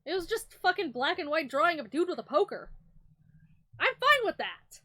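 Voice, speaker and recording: Bright, lively woman streamer. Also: very high-pitched, moderate pace. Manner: reads game text aloud, swears and jokes. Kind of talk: let's-play commentary.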